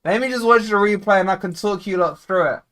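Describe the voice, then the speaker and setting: A man hosting a live football watchalong, talking casually and bluntly to his viewers and swinging between grumbling and loud cheering. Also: sits high, fairly quick. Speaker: football fan channel host. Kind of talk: live match watchalong commentary.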